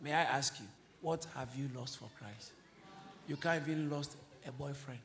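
A male pastor preaching a sermon, shouting exhortations, then dropping into low asides, with laughs along the way. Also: normal speed, background noise. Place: church hall. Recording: long hall reverb.

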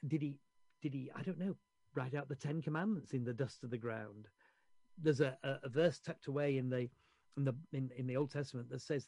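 A man with a somewhat high voice preaches in a dry, close sound. He retells the stories in a chatty way, acting out the quoted voices. He often restarts and repeats his words. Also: darkish tone, no room sound. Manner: storytelling, acting out quoted voices, chuckling asides. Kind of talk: sermon.

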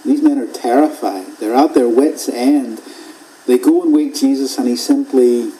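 A man preaching an expository sermon in a measured way, repeating phrases for emphasis and dropping to a hush at key points. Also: medium pitch, rough recording.

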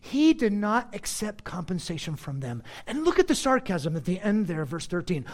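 A man preaching from the pulpit, his pitch leaping up and down as he drives points home. He moves between loud, emphatic lines and sudden soft asides, in the manner of a pastor teaching verse by verse. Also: big pitch swings, moderate pace, hardly any pauses. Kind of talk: expository sermon.

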